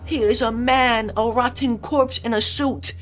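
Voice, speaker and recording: A man doing a slow whiny falsetto. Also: fairly even intonation, fairly bright tone, soft background music. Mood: pleading.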